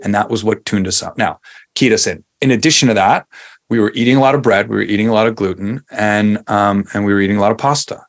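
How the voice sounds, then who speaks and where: Lower-pitched man in his forties. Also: fairly even intonation, fast talker. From Long Island, New York. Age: 40s. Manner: conversational, many fillers and restarts. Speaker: podcast guest. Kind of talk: casual interview storytelling.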